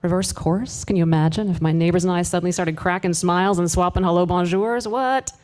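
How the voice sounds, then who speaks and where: A woman performing a live spoken word piece, confessional and wry, moving between hushed asides and emphatic bursts with sharp swearing. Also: fairly low pitch, fairly quick. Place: live event space with audience.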